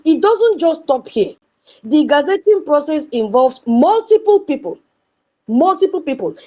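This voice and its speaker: A woman's voice: high-pitched, a little mellow. A Nigerian woman giving an impassioned political commentary, repeating her points and asking her audience rhetorical questions.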